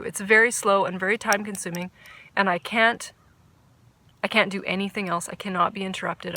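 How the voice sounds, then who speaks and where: A woman hosting a casual knitting podcast outdoors, chatty, excitable and self-deprecating. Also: medium pitch. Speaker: podcast host. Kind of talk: casual chat about knitting. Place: outdoors under a tree.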